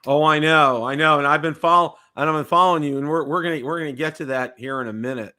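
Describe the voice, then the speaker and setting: A man's voice: on the high side, fast talker, pushed and bright. A man from the United States hosting a casual livestream chat, rambling, repeating words and checking in with "okay?". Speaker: livestream host.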